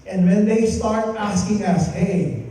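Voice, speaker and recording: A man's voice: high voice, a little slow, mellow, a little hiss or hum. A man with a Filipino accent giving a motivational stage speech, rallying his audience with call-and-response. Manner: rallying, call-and-response, mixes English and Tagalog. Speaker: company founder presenting to an audience. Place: large hall with live audience. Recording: roomy hall from far off.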